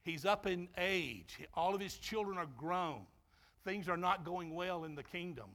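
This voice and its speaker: A man, a pastor, preaching a sermon and shifting into a quiet storytelling tone for a personal anecdote. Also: sits high, a little slow.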